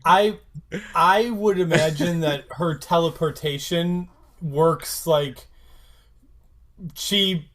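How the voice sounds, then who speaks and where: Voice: medium pitch, slow pace, pauses often, a bit bright. A podcast co-host thinking aloud in casual chat, tentative and musing.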